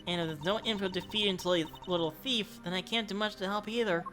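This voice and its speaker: A woman's voice: mid-range voice, fast, a bit bright, faint music behind, lightly acted. A woman voicing an upbeat young female sidekick who talks eagerly in a game let's play.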